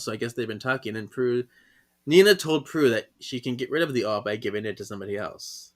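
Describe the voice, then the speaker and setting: Chatty man co-hosting a podcast. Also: mid-range voice. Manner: chatty, laughs often, reads lines in quick impressions. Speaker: podcast co-host. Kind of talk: casual chat reading a comic aloud.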